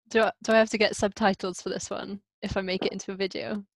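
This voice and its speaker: A young woman hosting a relaxed podcast chat, speaking through a headset on a video call. She is chatty and teasing, with a giggle never far away. Her voice sits at a middle pitch, and the sound is close and dry. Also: fairly quick, dry recording. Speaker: podcast host.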